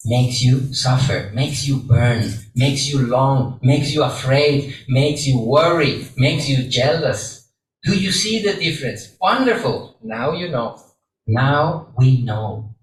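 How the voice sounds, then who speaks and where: A man, a Buddhist monk, giving a gentle sermon to a live audience and repeating phrases for emphasis. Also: medium pitch. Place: large echoey hall with audience. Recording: roomy hall, distant mic, faint background hum.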